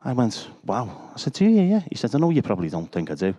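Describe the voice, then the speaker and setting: Chatty joking preacher. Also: male voice, mid-range voice, wildly swooping pitch, fast talker, mellow, lo-fi sound. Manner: chatty, self-deprecating, joking asides. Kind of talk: sermon with personal anecdotes.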